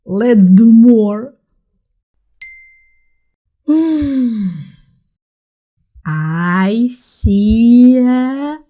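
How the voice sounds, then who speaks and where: A young woman teaching toddlers first words, speaking slowly with exaggerated, sing-song words. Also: high-pitched, very animated, darkish tone. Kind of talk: toddler speech lesson.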